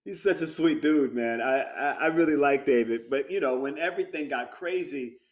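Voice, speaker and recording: Lots of laughter fills the casual video-call interview as this male guest actor spins animated stories. He speaks in a mid-range voice at a normal speed.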